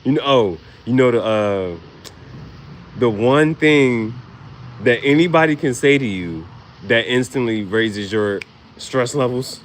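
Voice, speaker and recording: A man's voice: medium pitch, expressive, slow, slight background noise. A man vlogging in a casual comedic monologue, laughing often and swearing in slangy storytelling.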